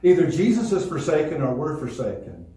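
A man preaching a sermon as pastor, earnest and swelling louder on key points. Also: on the high side, sing-song, a little fast. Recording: echoey hall, voice from far off.

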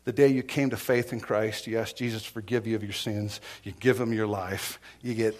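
A middle-aged man preaching a sermon as pastor, telling stories with restarts and repeated phrases, dropping to hushed near-whispers and then rising to loud, impassioned exhortation. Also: fairly low pitch, steady tone, fairly quick, few pauses. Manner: storytelling with repetitions and restarts.

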